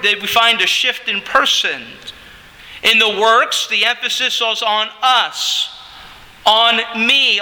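Slow, bright-voiced preacher in a hall. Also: male voice. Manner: emphatic preaching with dramatic pitch swings and drawn-out words. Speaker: pastor. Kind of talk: sermon.

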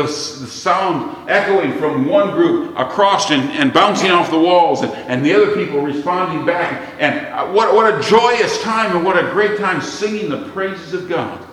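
A man's voice: fairly high pitch, lively intonation, a little slow, few pauses, fairly bright tone. A man from the United States with an American accent, preaching a sermon conversationally and asking the congregation questions. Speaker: pastor. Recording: echoey long reverb of a church hall.

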